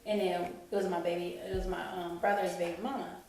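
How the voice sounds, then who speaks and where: A woman's voice: on the low side, little pitch movement, fast, darkish tone, slight background noise. A woman telling an emotional personal story in a rambling storytime vlog, often saying "you know what I'm saying". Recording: echoey room, distant mic, faint music.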